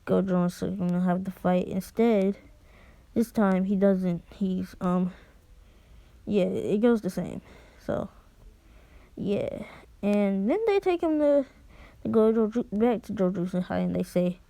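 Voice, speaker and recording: A woman's voice: medium pitch, unhurried, mellow, no echo. A woman casually retelling a fan story, rambling and hesitant with many restarts.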